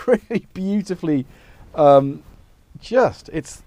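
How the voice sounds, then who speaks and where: A man's voice: on the high side, sing-song, takes it slowly, pauses often, warm tone. A middle-aged man hosting a livestream, rambling in casual chat and breaking off mid-sentence. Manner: chatty, meandering, self-interrupting. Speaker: livestream host. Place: home studio.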